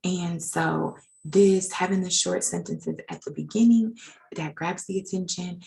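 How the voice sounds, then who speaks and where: A woman's voice: fairly low pitch, fairly even intonation, a little slow, creaky, a little mellow, poor audio. A woman teaching legal writing in an informal recorded lecture, chatty and self-deprecating as she edits her slides.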